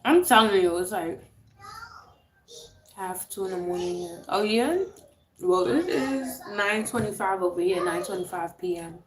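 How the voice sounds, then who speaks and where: A woman's voice: medium pitch, expressive, measured pace, slight background noise. A woman, chatting casually with viewers on a livestream, laughing often and reading out names. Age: 30s. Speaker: livestream host. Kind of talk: casual live chat with viewers. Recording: roomy echo.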